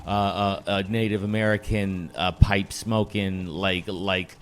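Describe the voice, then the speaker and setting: A man's voice: low voice, level tone, unhurried. A man co-hosting a podcast, telling rambling, profane stories in a casual chat. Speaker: podcast co-host. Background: music playing.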